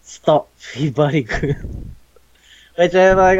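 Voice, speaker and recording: A man's voice: mid-range voice, moderate pace, a little mellow. A man hosting a casual manga review, rambling with frequent laughs and casual swearing. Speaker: podcast host. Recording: dull lo-fi dry recording.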